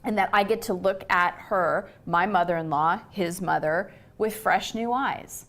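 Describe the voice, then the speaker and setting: A middle-aged woman talks through a personal story in an easy conversational way, her voice sitting a little low. She slips in and out of the voices of the people she quotes, giving the telling an animated feel. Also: a little slow. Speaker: host.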